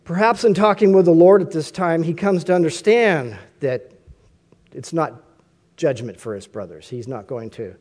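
Male preacher, slightly high mellow voice, conversational sermon with rhetorical questions. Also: lively intonation, normal speed.

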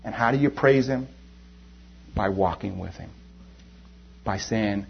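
A man's voice: mid-range voice, expressive, fairly quick, breathy edge. A man preaching a sermon, impassioned and building to fervent exhortation, then leading a prayer. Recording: dull lo-fi sermon recording.

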